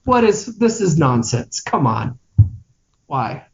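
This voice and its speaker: Sardonic high-voiced man on a dull mic. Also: big pitch swings, takes it slowly, gravelly. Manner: sardonic and dismissive, trailing off into low grumbles. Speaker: podcast co-host. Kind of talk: casual movie-review chat.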